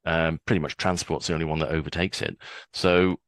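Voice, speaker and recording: A man's voice: very deep voice, fairly even intonation, a little fast, fairly bright tone, no echo. A man in his sixties, a guest on a podcast interview, chatty and often repeating words as he starts a sentence.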